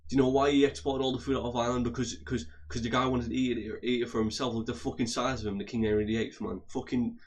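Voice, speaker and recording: A man of average pitch delivers a heated, profane rant straight to his viewers. He keeps circling back, repeating and restarting his phrases as he talks. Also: a little mellow. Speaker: vlogger. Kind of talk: angry profane rant to camera.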